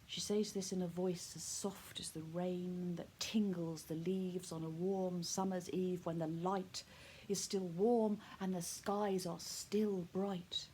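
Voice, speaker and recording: Woman poet, unhurried, gentle and hushed, grieving recitation. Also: lowish voice, a little hiss or hum. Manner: soft, hushed, intimate delivery; heartfelt, grieving tone. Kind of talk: poetry recitation.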